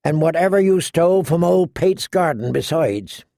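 A man's voice: on the high side, expressive, normal speed, creaky, warm tone, dry recording, studio quality, voice pushed up. A man playing a wry middle-aged outlaw minstrel who talks in an easygoing, coaxing drawl.

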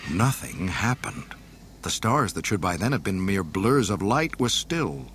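A man with a fairly low voice narrates a storybook, his pitch rising and falling with lively drama. A faint hiss sits under the recording. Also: moderate pace. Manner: dramatic, expressive reading.

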